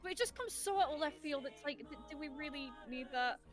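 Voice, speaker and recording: Woman a bit high-voiced, rambly and giggly, music going behind. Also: expressive, a little fast. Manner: rambling storyteller, laughs often. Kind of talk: casual chat.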